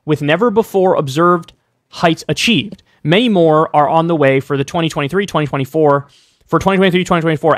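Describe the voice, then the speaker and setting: Measured male commentator reading an article. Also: on the high side, no room sound, studio quality. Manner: measured, explanatory, reads aloud and then remarks on it.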